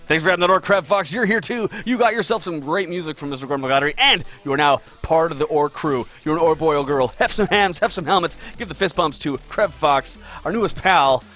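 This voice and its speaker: A man's voice: a little high, animated, brisk, a bit bright, soft background music. Upbeat man streaming while drawing. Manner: upbeat, greets viewers by name, chatty. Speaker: game dev artist streaming live. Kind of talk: casual live-stream chat while drawing.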